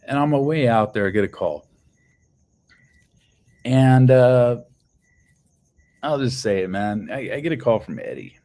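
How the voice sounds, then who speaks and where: A man's voice: mid-range voice, big pitch swings, a little slow, long pauses, warm tone. A man casually telling a long personal story, rambling with lots of fillers and swearing. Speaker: channel host.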